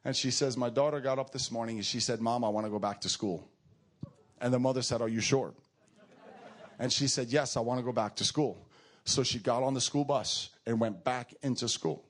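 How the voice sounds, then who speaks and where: A man preaching a sermon and telling a personal story to a congregation, animated, rising high for emphasis and dropping low and quiet for tender moments. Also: fairly quick.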